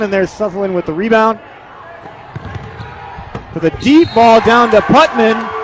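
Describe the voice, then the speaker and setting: A young man doing play-by-play for a school game, with joking, teasing banter. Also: sits high. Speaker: play-by-play announcer. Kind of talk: student broadcast commentary. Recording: gym crowd and noise behind.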